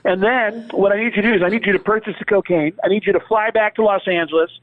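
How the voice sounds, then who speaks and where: A man's voice: high-pitched, fairly even intonation, fast, pitched above the performer's own voice, lightly acted. Raised-voice pushy ghost comic put on by a man, rambling asks, dull audio. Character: brash dead male comedian calling from the afterlife.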